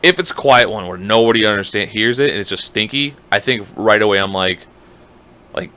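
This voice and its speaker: Lively, bright-voiced man chatting. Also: on the low side, fairly quick, smooth. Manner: animated, profane, jokey. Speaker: podcast co-host. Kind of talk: casual chat.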